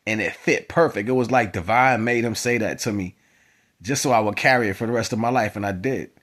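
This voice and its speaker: A man giving a spiritual monologue to his viewers, moving from quiet musing to loud, emphatic exhortation. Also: fairly low pitch, a little fast. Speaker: spiritual vlogger. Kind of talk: preaching monologue to camera.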